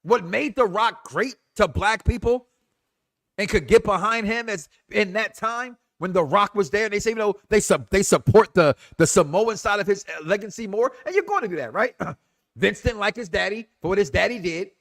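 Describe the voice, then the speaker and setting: A high-voiced man on a wrestling talk show delivers a passionate rant at a moderate pace. His commentary is animated and emphatic, full of repetition.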